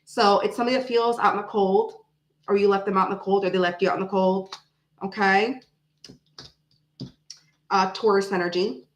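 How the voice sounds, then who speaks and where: A woman's voice: mid-range voice, steady tone, moderate pace, long pauses, echoey room, slight background noise, rough recording. A woman doing a casual tarot reading to the camera, thinking aloud and repeating her phrases as she pulls cards. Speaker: tarot reader.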